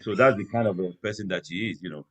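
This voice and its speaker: Earnest middle-aged man, low voice, talks fast. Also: a bit bright. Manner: earnest, emphatic, keeps asking "you understand?". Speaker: married guest. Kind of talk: candid conversational chat.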